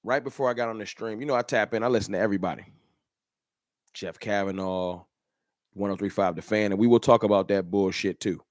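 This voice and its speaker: A man's voice: fairly low pitch, fairly quick, no room sound, clean studio sound. A man hosting a fan channel livestream, ranting in an emphatic, repetitive, slangy way. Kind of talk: livestream rant.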